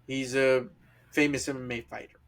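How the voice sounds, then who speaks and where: A man co-hosting a casual news-roundup podcast, animated and excitable as he steers the conversation. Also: medium pitch, moderate pace. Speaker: podcast co-host.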